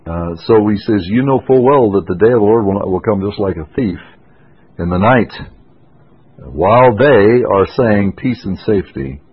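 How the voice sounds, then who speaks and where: A deep, breathy-voiced male preacher delivers an expository sermon with emphatic, insistent conviction. His voice is rough and low. It comes through a muffled, lo-fi radio broadcast. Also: expressive, normal speed. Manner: emphatic, rising to forceful insistence.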